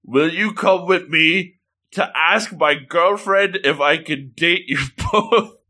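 A man's voice: fairly high pitch, slow, pushed and bright, voice pushed up. A man doing a blunt, earnest teen boy. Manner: matter-of-fact, blurting. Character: earnest, straight-arrow teenage boy, blunt and honest.

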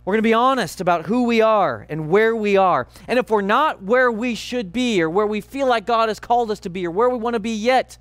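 Male pastor, sermon delivery, emphatic and earnest, high voice, dry sound. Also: no room sound. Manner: earnest, emphatic, slowing on key phrases.

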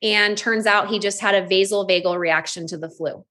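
A woman in her thirties shares a personal testimony in a candid, storytelling way. She talks at a middle pitch and grows animated as she acts out what she once said. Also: moderate pace. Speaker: network marketing distributor.

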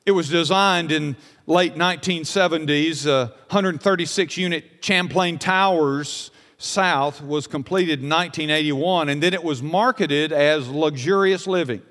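A man preaching a sermon as pastor, moving between loud preaching and quiet storytelling. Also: on the high side, measured pace, few pauses. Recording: long reverb of a large hall.

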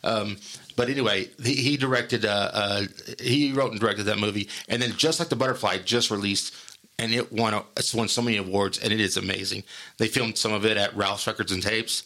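A man's voice: on the low side, steady tone, brisk, sharp tone. A man in casual podcast chat, rambling through stories, laughing often and acting out quotes. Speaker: guest telling stories.

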